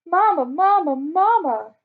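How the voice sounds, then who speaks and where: A woman voicing a frightened pet parrot calling desperately for help in a storybook reading, with high, shrill pleading cries. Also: expressive, unhurried, full character voice. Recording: dull lo-fi recording.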